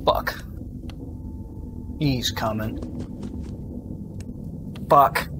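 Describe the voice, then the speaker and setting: Talking very slowly in a mid-range voice over a noisy background, a young man streams a horror game. His casual commentary to viewers drifts into rambling asides and sudden jumpy, profane outbursts.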